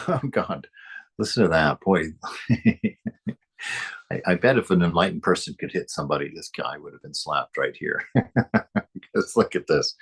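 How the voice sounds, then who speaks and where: Low husky-voiced man teaching. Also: moderate pace, pauses often. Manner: emphatic, repeats phrases, chuckles often. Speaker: spiritual teacher reading and commenting. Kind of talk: book reading with commentary.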